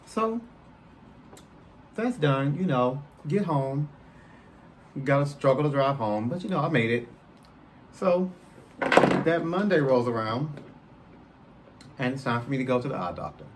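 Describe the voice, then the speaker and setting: On his podcast, a man tells a personal story and speaks directly to his listeners, acting out quotes with lots of energy. His voice sits in the middle range and moves at a measured pace with frequent pauses. There's a little background noise.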